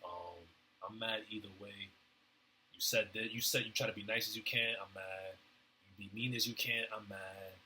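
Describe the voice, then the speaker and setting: A man rambling through a casual stream-of-consciousness monologue, halting often with fillers and restarts in slangy everyday talk. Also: on the low side, steady tone, bright, forceful tone, a little hiss or hum, rough recording. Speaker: vlogger.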